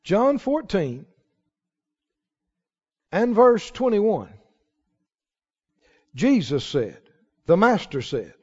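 High-voiced preacher in an echoing church. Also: male voice, very animated, slow, pauses often, darkish tone. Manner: preaching with rising, emphatic declarations. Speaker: pastor. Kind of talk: sermon. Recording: dull sound with long hall reverb.

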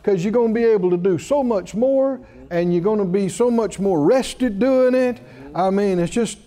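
A man's voice: high-pitched, moderate pace, dark tone. A male preacher delivering a sermon, telling a story with laughter and rising exclamations. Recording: reverberant hall.

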